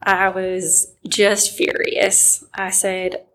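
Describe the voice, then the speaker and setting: A woman's voice: mid-range voice, fairly even intonation, normal speed, a little hiss or hum, low-quality recording. A woman, earnestly telling a personal story of loss, her voice sometimes dropping near a whisper. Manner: earnest, emotional, quiet moments near a whisper. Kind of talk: personal testimony.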